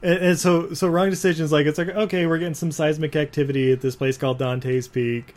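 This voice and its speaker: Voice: mid-range voice, steady tone, a little fast, a little mellow. A co-host on a casual movie-review podcast, chatty and sarcastic, laughing often.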